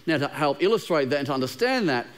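A man's voice: a little high, lively intonation, quick pace. A middle-aged man preaching a sermon to a congregation, conversational and humorous, often repeating words as he goes. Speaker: pastor. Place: church auditorium with a live congregation.

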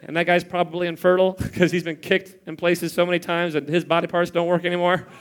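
A man's voice: sits high, little pitch movement, quick pace, clear, resonant tone. A man in his thirties preaching a sermon in church, telling stories with playful mimicry and chuckles. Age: 30s. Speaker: pastor.

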